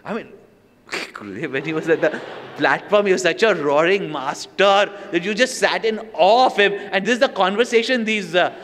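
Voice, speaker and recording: A swami tells stories in a slightly high voice, acting out what people said. His voice carries the long reverb of a large hall. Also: normal speed, a bit bright, slight background noise. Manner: storytelling with acted quotes and laughter. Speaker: swami giving a talk. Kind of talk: anecdotal spiritual talk.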